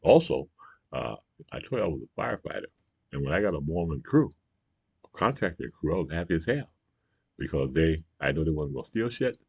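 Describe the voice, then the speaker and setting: A man with a very deep, gravelly, husky voice rambles through a casual monologue as host of his own show. His pitch swings widely, and the sound is dry and close. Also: big pitch swings, fairly quick, no echo, highs cut off. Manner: rambling, folksy, with frequent "you know" and "okay?". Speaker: host of a morning talk show.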